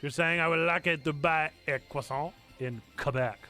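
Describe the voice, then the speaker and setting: A man giving live commentary while he plays a video game on stream, excitable and quick to break into shouts at what happens in the game. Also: fairly high pitch, soft background music. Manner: excitable, bursts into shouting over game events. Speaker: church gaming streamer.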